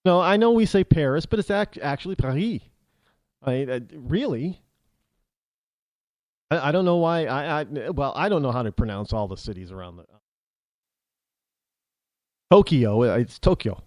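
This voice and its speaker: American male talk radio host, lively delivery, mellow tone, rambling opinionated monologue, dry studio sound. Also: medium pitch, normal speed, pauses often, no room sound. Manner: rambling, with many restarts and asides. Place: New England.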